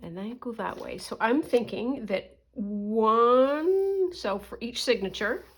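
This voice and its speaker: A woman's voice: a little high, expressive, slow, breathy edge. A middle-aged woman from Canada, chatting casually in a rambling way full of asides while she works on a craft journal. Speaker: crafting vlogger.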